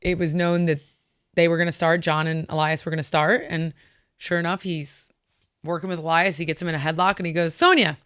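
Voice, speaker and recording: Lively, low-voiced woman telling a story. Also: a little fast, clean tone, no echo, clean studio sound. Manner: animated, acts out quotes in lively voices, swears casually. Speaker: interview guest, former wrestler. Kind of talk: casual storytelling in an interview. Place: studio.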